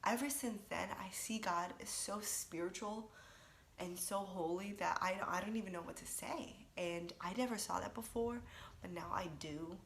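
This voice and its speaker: A young woman telling her personal religious testimony in a casual, emotional way, halting with restarts and often dropping to a breathy whisper. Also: medium pitch, a little hiss or hum. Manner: drops to breathy whispers at intense moments. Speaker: vlogger sharing a personal testimony.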